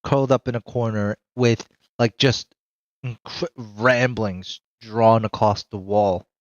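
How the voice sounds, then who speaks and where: A game master narrates a tabletop game slowly, pausing and filling gaps with fillers. The sound is dull and lo-fi, dry and close. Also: mid-range voice, steady tone, no room sound. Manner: slow, hesitant, with fillers.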